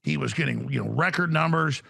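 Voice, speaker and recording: A man's voice: on the high side, a little fast, vocal fry, a bit bright, breathy edge. A man who is a guest on a talk show, speaking over a remote video call in a rambling, stammering and emphatic way. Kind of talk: political talk show conversation. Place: remote studio.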